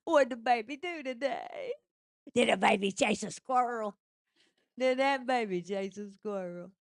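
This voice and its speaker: A woman playing a gruff, reserved dad who coos sing-song baby talk at his dog. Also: fairly high pitch, a little slow, no echo, clean studio sound. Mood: doting.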